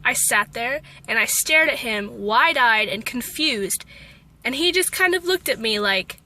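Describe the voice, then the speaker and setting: A woman's voice: a little high, animated, measured pace, bright, forceful tone. A young woman from Texas with an American accent, telling a self-deprecating story in a vlog. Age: young adult. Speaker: vlogger.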